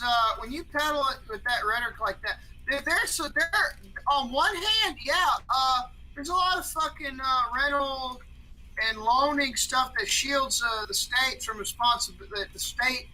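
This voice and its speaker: A man guest on a podcast, talking in a rambling, profane, excitable way. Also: extremely high pitch, a little slow, a little hiss or hum, low-quality recording. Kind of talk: casual podcast discussion.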